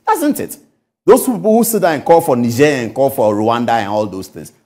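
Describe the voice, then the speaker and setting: A man's voice: sits high, mellow. A middle-aged man hosting a TV talk show, giving emphatic political commentary full of rhetorical questions. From Ghana.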